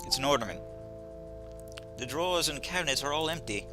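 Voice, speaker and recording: A man's voice: on the high side, lively intonation, a little fast. A man playing through a game, reading the lead's lines in a dry, wry, mildly pompous way. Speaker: gamer. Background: game music.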